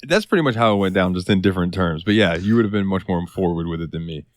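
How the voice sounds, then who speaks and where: A man with a lowish voice chats casually on a podcast, recounting a work grievance with a storyteller's swagger. He curses freely and slips into the voices of the people he's quoting. The sound is close and dry. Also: fast, dry recording. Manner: storytelling with swearing, acts out quotes. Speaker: podcast co-host. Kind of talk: casual chat.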